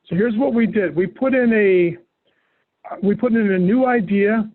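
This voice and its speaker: High-voiced male trainer on a tinny line. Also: measured pace. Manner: relaxed, patient, step-by-step instructions. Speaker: software trainer. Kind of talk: live software training over a call. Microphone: call audio. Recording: tinny phone-like line, dry.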